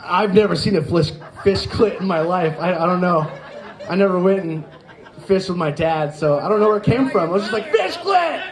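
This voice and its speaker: A high-pitched man talking a little fast performs stand-up on a club stage through a handheld mic. His set rambles, packed with fillers and his own laughter, and the live audience can be heard laughing.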